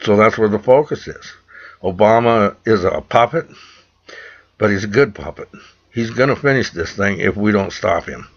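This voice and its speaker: A man's voice: on the low side, normal speed, gravelly. A man from the United States speaking straight to camera in an urgent, preachy rant, often repeating himself. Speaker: vlogger. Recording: dull lo-fi recording.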